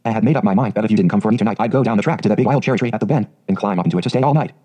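A man's voice: on the low side, very fast, mellow. Man voicing a breathless chatty orphan girl. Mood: eager. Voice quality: clear sweet voice. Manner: breathless eager run-on chatter. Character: chatty imaginative orphan girl, about eleven.

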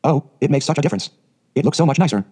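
A man's voice: a little high, expressive, very fast, dark tone, slightly rough, pitched above the performer's own voice. A man voicing an eager, talkative orphan girl of eleven who speaks in dreamy, dramatic phrases.

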